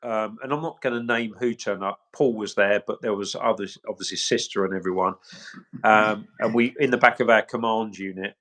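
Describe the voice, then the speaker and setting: A man's voice: lowish voice, fairly even intonation, fairly quick, a bit bright. A middle-aged man, recounting events emphatically in an interview, often quoting what people said. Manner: emphatic, quotes others' words, repeats points. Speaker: search specialist interviewee.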